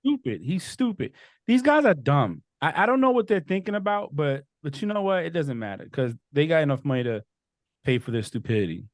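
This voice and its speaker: A man hosting a casual sports podcast, giving blunt, animated opinions. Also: fairly high pitch, brisk, dry recording, clean studio sound. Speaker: podcast host.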